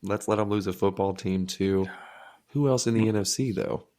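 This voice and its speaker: A man's voice: lowish voice, normal speed, mellow. A middle-aged man co-hosting a podcast, chatting casually and joking with friends. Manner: joking, swears, laughs a lot. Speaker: podcast co-host. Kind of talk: casual chat.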